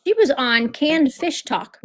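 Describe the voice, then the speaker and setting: A woman's voice: sits high, lively intonation, takes it slowly, a bit bright. A woman hosting a livestream, chatting casually and bluntly, swearing freely and telling stories with animation. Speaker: livestream host. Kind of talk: casual chat.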